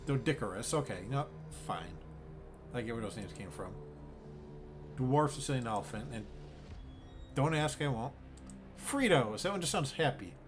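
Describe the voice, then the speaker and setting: A man's voice: mid-range voice, animated, moderate pace, long pauses, over music. A man streaming a zoo-building game, musing aloud in a bemused, rambling way and swearing freely. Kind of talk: casual gameplay commentary.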